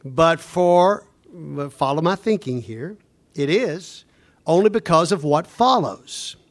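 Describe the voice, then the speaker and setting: Male preacher, high-pitched, storytelling sermon, repetitive and dramatic, softens to near whisper on scripture. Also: lively intonation, slow.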